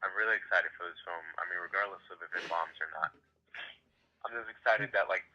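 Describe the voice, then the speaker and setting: A man with a very low voice, guesting in a casual podcast chat. He scatters "like" and "you know" through his sentences, and the sound is dull and lo-fi. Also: fast talker, bright, forceful tone, slight background noise. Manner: lots of "like" and "you know" fillers.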